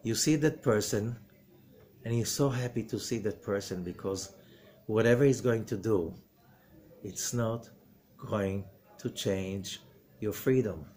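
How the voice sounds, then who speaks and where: A middle-aged man, a rabbi giving a spoken lesson, animated, with rhetorical questions and sudden swings between loud emphatic bursts and low quiet passages. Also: a little slow, long pauses. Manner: rhetorical questions and acted-out quotes. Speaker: rabbi and Zohar teacher.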